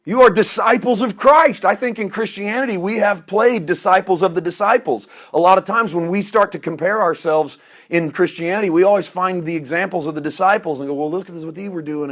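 A middle-aged man preaching a sermon, swinging between loud emphatic lines and quiet asides, chuckling at himself now and then. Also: fairly high pitch. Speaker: pastor.

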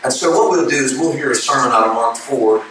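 A man preaching a sermon, building from calm teaching to shouted, passionate preaching. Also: medium pitch, brisk, noisy background. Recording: echoey hall from a distance.

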